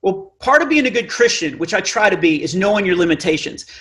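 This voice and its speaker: A middle-aged man with a naturally high voice telling a self-mocking comic story on stage, acting out the dialogue. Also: lively intonation, fast, fairly bright tone. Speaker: Christian comedian. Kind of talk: stand-up storytelling. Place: live event stage.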